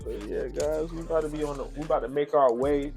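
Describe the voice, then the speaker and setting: A man's voice: fairly high pitch, fast, over music. A young man, chatting casually in a vlog with a laid-back, slangy way of talking. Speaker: vlogger.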